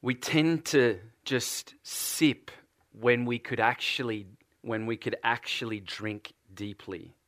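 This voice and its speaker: A man's voice: mid-range voice, fairly even intonation, slow pace, a bit bright, no room sound, clean studio sound. A man from Australia with an Australian accent, preaching a sermon and putting earnest repeated questions to a congregation.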